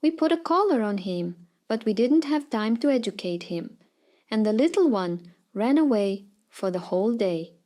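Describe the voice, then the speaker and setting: A woman narrates a string of short, funny real-life pet anecdotes in an animated storytime manner. Her voice sits a little high yet sounds soft and mellow rather than bright. She lets her loudness rise and drop to land each punchline. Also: normal speed.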